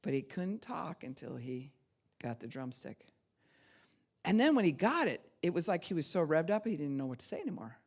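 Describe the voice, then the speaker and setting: A middle-aged woman pastor giving a conversational teaching sermon, animated, swinging from loud outbursts to soft, slow asides. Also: deep voice, breathy edge.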